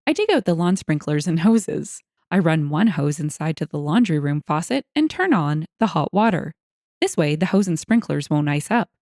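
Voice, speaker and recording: Lively woman narrating stories. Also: low-pitched, normal speed, no echo, studio quality. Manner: lively, expressive reading with wry asides. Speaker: storyteller reading online stories. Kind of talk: scripted narration.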